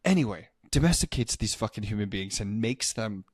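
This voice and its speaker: A man's voice: fairly low pitch, brisk, slight background noise. A man co-hosting a casual horror movie podcast, swearing and joking as he retells a film's plot. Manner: crude, joking, animated storyteller. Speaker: podcast co-host. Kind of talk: casual movie review chat.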